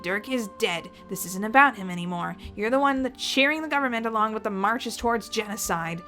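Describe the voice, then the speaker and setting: A woman's voice: mid-range voice, lively intonation, brisk, sharp tone, soft background music. A woman doing an earnest young man, accusing. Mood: blunt. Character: stubborn young man confronting his family.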